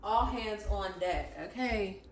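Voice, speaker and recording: A woman's voice: takes it slowly, noisy background. A woman talks through a tarot reading in a loose, casual way. She tells her story in a frantic rush and swears freely as she goes. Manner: low murmured prayer. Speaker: tarot reader.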